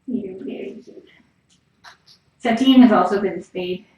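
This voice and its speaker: Her pitch is medium and her pace unhurried as this cat rescue worker talks casually to a live stream camera and whispers soft, cooing baby talk to a cat. The small shelter room echoes, and a room camera mic from across the space makes her sound far off. Cats and faint room noise linger in the background.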